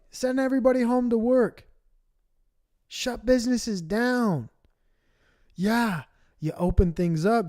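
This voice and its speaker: A man's voice: sits high, darkish tone. A man streaming, reacting live with coarse, profane, rambling rants. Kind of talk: livestream reaction commentary.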